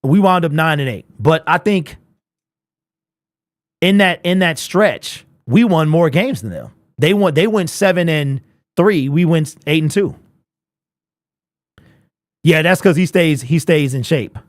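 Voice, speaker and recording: A young man hosting a casual sports fan live stream, animated and chatty, answering viewers in chat. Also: fairly high pitch, measured pace, pauses often, no room sound, studio quality. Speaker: host of a fan livestream.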